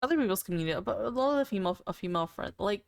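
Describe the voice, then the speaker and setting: A woman's voice: mid-range voice, lively intonation, rapid-fire, creaky, smooth. Giggly woman streamer chatting. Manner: giggly, laughs often between remarks; playful, teasing. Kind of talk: casual live-stream chat, answering viewers.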